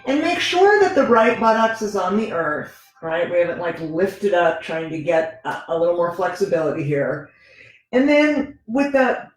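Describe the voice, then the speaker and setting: A woman leads a gentle yoga practice, talking through each pose in an easy, conversational manner and often checking in with her listeners. Her voice bounces around a very reverberant room while soft music plays faintly underneath. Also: medium pitch. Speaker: yoga teacher. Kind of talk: guided yoga instruction.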